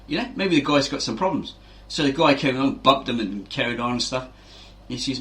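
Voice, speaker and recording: His mid-range voice is a little fast, pushed and bright, with hardly any pauses. Acting as a fitness channel host, he gives a casual, rambling explanation, constantly saying "right?" and acting out quotes.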